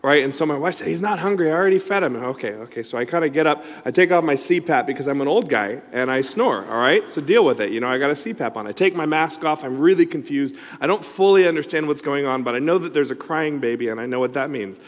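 A man's voice: mid-range voice, expressive, fast, few pauses. A middle-aged man preaching a sermon, telling a personal story in a loose, conversational way with many asides. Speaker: pastor. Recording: long reverb in a large hall.

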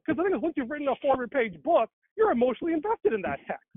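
A man's voice: very high voice, sing-song, rapid-fire, over a noisy crowd. A man talking casually in a conversation, rambling, with many fillers and restarts. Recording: dry tinny phone-like line.

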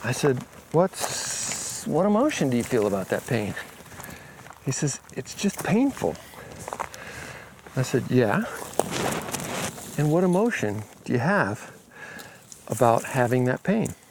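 A man's voice: mid-range voice, a little slow, long pauses, background noise. A man speaks in an easygoing, conversational way, retelling a talk he had and quoting both sides of it. He is outdoors on a country property, and faint outdoor sounds sit behind his voice. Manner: relaxed, retells conversations with quoted dialogue. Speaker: healing coach. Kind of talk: casual storytelling vlog.

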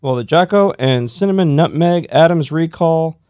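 A man's voice: fairly high pitch, animated, normal speed, darkish tone, smooth, no room sound, clean studio sound. Laid-back male podcast host. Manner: laid-back, joking, slangy. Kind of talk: casual chat. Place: indoor room with several guests. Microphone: studio mic at a table.

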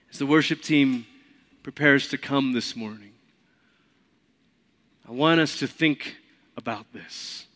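A male pastor delivering a sermon in a somewhat high voice. He swings between loud, emphatic peaks and quiet, hushed stretches, driving his points home with repetition. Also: measured pace, long pauses.

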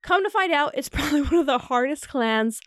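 A young woman co-hosting a casual chat, tipsy from shots, telling a long story with animated laughter and frank swearing. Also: sits high, brisk, no room sound, clean studio sound.

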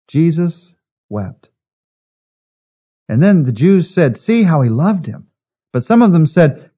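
A man preaching a sermon as pastor, earnest, slowing and softening on key phrases. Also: on the high side.

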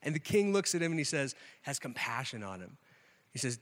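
A pastor with a somewhat high voice preaches briskly in a large hall. He tells stories with animation and energy and puts questions to the crowd.

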